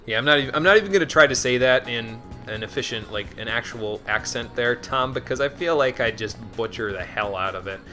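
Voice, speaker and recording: A man gives casual commentary while streaming a game, answering chat and laughing at himself. His voice is bright and his pitch moves a lot. Faint game music runs underneath. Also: expressive, fairly quick, few pauses. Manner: chatty, answers chat, self-deprecating with restarts.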